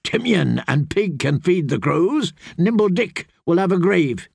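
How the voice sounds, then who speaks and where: A man's voice: sits high, very animated, a little slow, vocal fry, husky, no echo, clean studio sound, pitched above the performer's own voice, full character voice. A man putting on a stern woman knight. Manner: clipped, stern commands. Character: stern grim woman knight, hard and blunt. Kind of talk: audiobook character voice.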